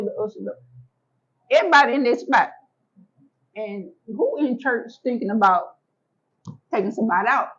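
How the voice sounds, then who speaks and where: A woman telling her own story as an interview guest, animated and emphatic, repeating words for effect and acting out what she said back then. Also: fairly high pitch, muffled recording. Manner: colloquial, acts out her own past words. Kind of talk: emotional personal storytelling.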